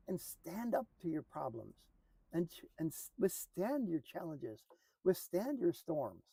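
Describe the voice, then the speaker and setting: A man's voice: sits high, vocal fry, husky, dry recording, low-quality recording. Earnest man giving a motivational talk. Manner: earnest, repetitive, drops to a soft hush for emphasis. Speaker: motivational speaker.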